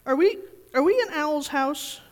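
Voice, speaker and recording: A woman's voice: sits high, lively intonation, a little slow, voice pushed up. A woman voicing a small, timid young male piglet who stammers nervously in a storybook reading. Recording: reverberant church hall.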